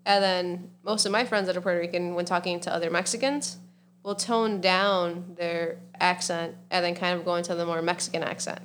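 A woman's voice: fairly low pitch, fairly even intonation, fairly quick, a bit bright, a little hiss or hum. A young adult woman co-hosting a podcast, chatty and laughing often as she tells a story. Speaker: podcast co-host. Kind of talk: casual chat.

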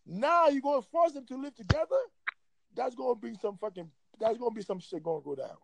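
Man with a very high, gravelly voice giving a heated, profane rant in a dry, close sound. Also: animated, brisk, dry recording, poor audio. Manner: heated, profane, emphatic ranting. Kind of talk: casual opinionated chat.

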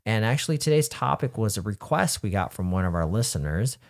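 A man's voice: fairly low pitch, very animated, a little fast. A man hosting a casual podcast, talking in an easygoing, rambling way. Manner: easygoing, rambling intros with fillers. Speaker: podcast host.

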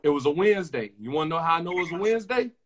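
Animated young man telling stories. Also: on the high side, racing, a little hiss or hum. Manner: animated storytelling, slangy, repeats phrases. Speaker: podcast host. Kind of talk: casual podcast chat.

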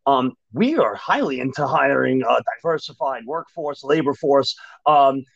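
A man speaking as a union manager and podcast guest, talking frankly and emphatically in an animated conversation. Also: mid-range voice, moderate pace, vocal fry, no echo. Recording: dull lo-fi dry sound.

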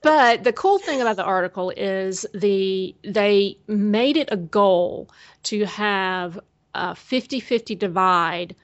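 A woman with a Minnesota accent, co-hosting a podcast in casual chat and getting animated when she quotes herself. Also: mid-range voice, slow. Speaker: podcast co-host. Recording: slightly dull lo-fi audio.

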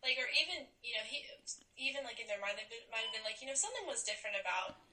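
Woman host, higher voice, affirming and upbeat, echoey room, off-mic. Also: lively intonation, racing, pushed and bright, distant mic. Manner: enthusiastic, affirming. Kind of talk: casual chat. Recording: roomy and off-mic.

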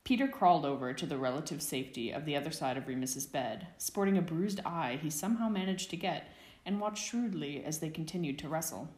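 A woman narrating a fan fiction audiobook with a steady, expressive reading. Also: sits low, a little fast, echoey room.

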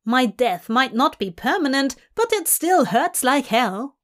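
A woman's voice: high voice, sing-song, a little slow. A woman voicing a blunt, sardonic man who scoffs and snaps back. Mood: defiant. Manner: sharp, scoffing. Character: blunt, sardonic man, immortal tavern regular.

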